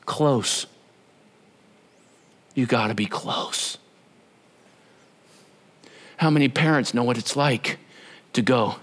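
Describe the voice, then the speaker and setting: A male pastor giving a sermon, telling the story with animated swings from shouts down to whispers. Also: medium pitch, slow, long pauses.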